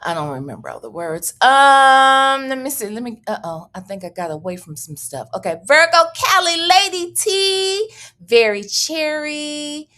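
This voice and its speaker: Sassy, lively woman livestream host. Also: sits high, a little slow. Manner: sassy, profane, chatty. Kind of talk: casual livestream chat reading viewer messages.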